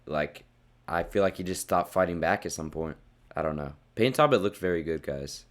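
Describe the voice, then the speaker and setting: A young fight reviewer with a low voice tears through a casual fight recap a little fast, blunt and profane. His rants get heated and loud at times, and he's losing his voice, which sounds a bit worn from shouting.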